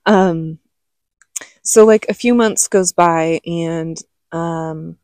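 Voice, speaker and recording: Middle-aged woman vlogger, lowish voice, frank and chatty storytelling, dry close sound. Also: very slow, darkish tone, no echo. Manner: chatty, frank, with many "okay?" asides. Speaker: vlogger telling her life story. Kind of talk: casual storytelling to camera.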